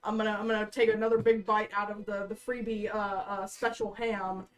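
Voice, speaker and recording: A woman's voice: medium pitch, flat delivery. A woman playing a tabletop role-playing game, joking and quipping and laughing often. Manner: playful, quick jokes, laughs often. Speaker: player. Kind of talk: tabletop role-play banter.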